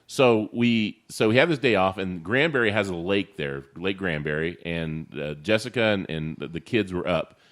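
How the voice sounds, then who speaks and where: Deep-voiced man telling stories. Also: moderate pace, few pauses. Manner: animated, swearing, acts out quotes. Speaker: podcast co-host. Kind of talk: casual storytelling chat.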